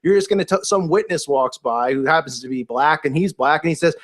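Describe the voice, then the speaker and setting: A man's voice: a little high, lively intonation, fast, few pauses, slightly rough. A man talking in a casual, unscripted monologue, rambling and incredulous, with many restarts and fillers. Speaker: video commentator.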